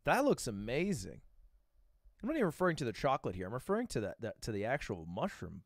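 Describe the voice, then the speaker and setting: An animated man chatting on a live stream with crude jokes and frequent laughs. His pitch swings widely, landing mid-range on average. The sound is close and dry, with no room echo. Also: quick pace, creaky. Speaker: streamer reacting to a video. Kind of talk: casual live-stream chat.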